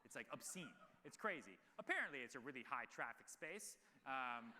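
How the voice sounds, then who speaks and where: A man's voice: mid-range voice, very animated, moderate pace, hardly any pauses, pushed and bright, slight background noise. A man in his thirties telling stories animatedly with many fillers in a live on-stage Q&A at a large event hall. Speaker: guest speaker.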